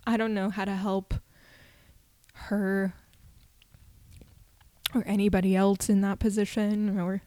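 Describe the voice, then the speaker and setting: A young woman hosting a personal solo podcast, talking candidly and haltingly with many fillers and restarts. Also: medium pitch, little pitch movement, dark tone, no room sound. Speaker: podcast host.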